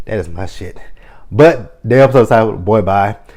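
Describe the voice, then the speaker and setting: A man in his thirties recapping a TV episode in a casual, profane, animated vlog style, acting out the characters' lines as he goes. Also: fairly low pitch, moderate pace. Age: 30s. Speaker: TV episode reviewer.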